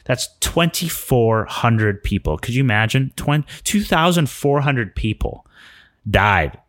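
A man vlogging casually, telling a travel story in an excitable, rambling way with lots of restarts and fillers. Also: medium pitch, takes it slowly, no echo. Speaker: vlogger and filmmaking teacher.

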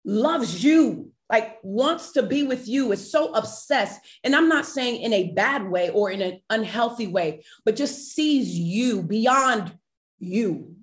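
A woman guest on a podcast, telling a personal faith story in an animated, emotional way and addressing listeners directly. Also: fairly high pitch, takes it slowly. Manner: animated, emotional, acts out quoted voices.

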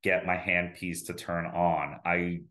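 A dentist in his fifties chatting casually as a guest, telling lively stories and acting out the voices he quotes. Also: low-pitched, takes it slowly. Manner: animated storyteller who acts out quoted voices. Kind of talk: casual podcast conversation.

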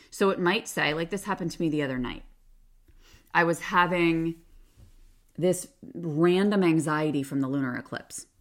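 A woman hosts a self-help podcast alone, with a voice that sits on the low side. Her delivery is casual and coaching, and she leans on "like" as she talks things through. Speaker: podcast host.

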